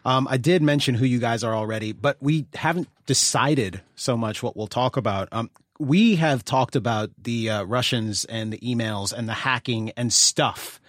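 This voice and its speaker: A man in the middle of a loose podcast chat, a little tipsy, speaking in a rambling, wry way full of ums and restarts. His voice sits at an ordinary pitch, and the sound is close and dry with no room echo. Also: normal speed, fairly bright tone. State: a little drunk. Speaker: podcast co-host.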